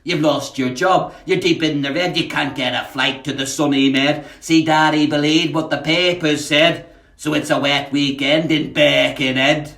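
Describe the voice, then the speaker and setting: A man's voice: a little high, steady tone, normal speed, gravelly, a bit bright. A man doing a rhyming Scouse grumbler. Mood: mocking. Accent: put-on Scouse. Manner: rhythmic, sing-song rhyming recital. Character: grumbling Merseyside man on a rainy holiday. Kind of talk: reciting a comic rhyming poem. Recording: echoey room, voice off-mic.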